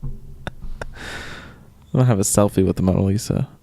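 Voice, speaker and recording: A man's voice: low-pitched, measured pace, gravelly, dark tone, no room sound. A young man co-hosting a podcast, chatting casually and teasing with playful exaggeration. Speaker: podcast co-host. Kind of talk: casual chat.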